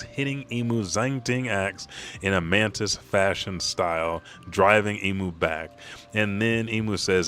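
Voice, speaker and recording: A man's voice: on the low side, unhurried, sharp tone. A man casually reading a comic aloud with offhand, profane commentary. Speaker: manga reader and commentator.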